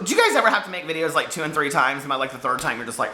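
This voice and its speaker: A man's voice: fairly high pitch, very animated, very fast, few pauses, sharp tone, echoey room. A man chatting casually about books he read this week, rambling and giggling, overheated in a hot room. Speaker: book vlogger. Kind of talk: casual chat.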